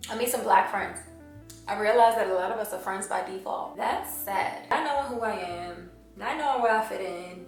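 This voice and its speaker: A woman's voice: mid-range voice, moderate pace. A young woman from Washington, D.C. sharing a candid, emotional personal testimony in a confessional way. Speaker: vlogger sharing her testimony. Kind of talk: personal testimony, talking to camera. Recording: very echoey room, voice away from the mic, faint music.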